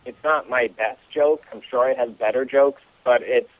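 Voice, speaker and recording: A man being interviewed as an actor, talking casually and haltingly with many fillers and restarts. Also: mid-range voice, no room sound. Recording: tinny phone line, dry.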